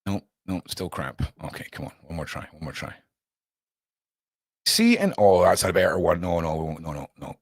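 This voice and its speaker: A man's voice: low-pitched, sing-song, moderate pace, slightly rough, no echo, studio quality. A man hosting a livestream, chatting sarcastically and jokily with lots of slang. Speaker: livestream host. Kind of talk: casual commentary.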